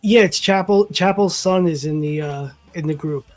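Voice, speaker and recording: A man co-hosting a casual comics livestream, agreeing quickly and talking enthusiastically about covers. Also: on the high side, soft background music. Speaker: co-host.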